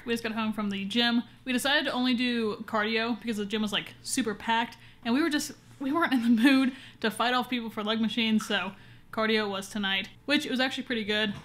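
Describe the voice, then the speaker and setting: A woman's voice: fairly high pitch, steady tone, fairly quick, a bit bright, faint music behind. A young woman vlogging at home, talking casually to a camera on a tripod in a rambling, chatty way with lots of fillers. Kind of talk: casual vlog chat. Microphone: camera on a short tripod.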